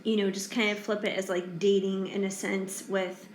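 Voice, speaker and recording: A woman's voice: medium pitch, flat delivery, moderate pace, slight background noise. A woman giving a casual pick-a-card tarot reading, chatty and reassuring with lots of fillers, sounding tired late in the day. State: tired, yawning. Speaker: tarot reader. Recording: echoey room with faint ambience.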